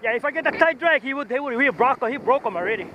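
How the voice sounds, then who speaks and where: A man fishing from the shore, whooping and calling out excitedly as he fights a big fish, with surf and wind behind him. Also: extremely high pitch, fast, lo-fi sound. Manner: whooping, shouting with excitement, local slang. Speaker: fisherman. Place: outdoors on the shore by the ocean. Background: waves and wind.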